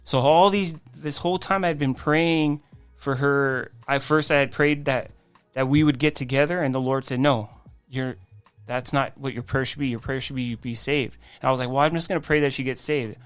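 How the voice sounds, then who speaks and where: A man, a guest on a faith podcast, telling his life story in an animated way, acting out quoted dialogue. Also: mid-range voice, normal speed, smooth, dry recording, faint music behind. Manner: frequent restarts and "I'm like" quoting.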